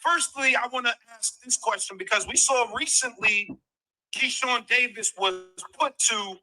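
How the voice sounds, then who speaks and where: Guy cohosting a boxing stream, earnest interviewer, super bright sharp voice. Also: extremely high pitch, normal speed, rough recording. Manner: earnest, formal when introducing a guest. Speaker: live stream co-host and interviewer. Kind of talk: casual interview on live stream.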